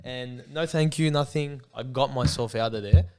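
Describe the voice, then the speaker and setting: A man's voice: medium pitch, moderate pace, clean tone. A young Australian man co-hosting a podcast, telling a long rambling anecdote in a casual chat and saying "bro" often. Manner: rambling anecdote, peppered with "bro" and acted-out quotes. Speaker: podcast co-host.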